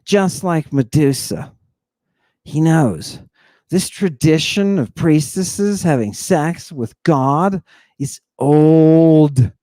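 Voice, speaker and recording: A man giving an informal slide lecture in an emphatic, teasing way, pausing for rhetorical questions and asking "right?" again and again. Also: a little high, expressive, warm tone, dry recording. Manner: teasing, addresses the audience directly.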